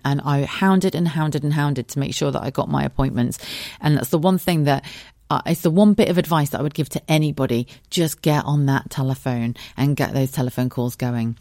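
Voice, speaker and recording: A woman's voice: low voice, brisk, dark tone, dry recording, clean studio sound. A woman hosting a podcast, telling her own story in a frank, sweary, conversational way. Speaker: podcast host. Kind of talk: candid personal monologue.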